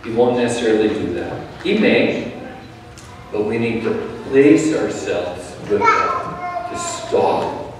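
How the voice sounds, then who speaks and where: A male pastor delivers a sermon at an unhurried pace, calm and measured, letting his voice fall quiet at times. He is heard from a distance in a large, echoing church hall with a faint room hum behind him. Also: mid-range voice. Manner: calm, measured preaching with soft drops in volume. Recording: echoey hall, speaker far from the mic.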